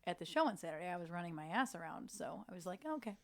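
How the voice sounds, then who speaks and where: A woman's voice: lowish voice, expressive, very fast. Chatty woman hosting a music show. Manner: playful, chatty, swears casually. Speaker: podcast host. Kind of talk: casual chat.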